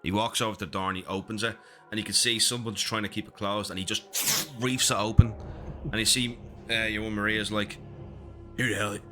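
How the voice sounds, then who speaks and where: A man's voice: on the low side, steady tone, fairly quick, a bit bright, soft background music. A man narrating a tabletop role-playing game as game master, with a loose, hesitant delivery.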